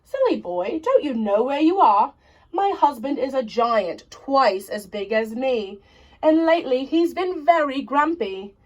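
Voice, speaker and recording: A woman's voice: sits high, animated, measured pace, pitched above the performer's own voice, poor audio. A woman voicing a bossy giant housewife who scolds in an emphatic storybook reading. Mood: scolding.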